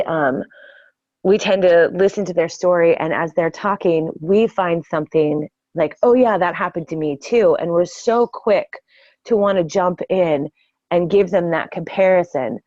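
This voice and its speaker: An older woman giving an earnest, casual training talk on network marketing, often pausing with ums and restarting her sentences. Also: fairly low pitch, warm tone, no echo. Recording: dull lo-fi dry sound.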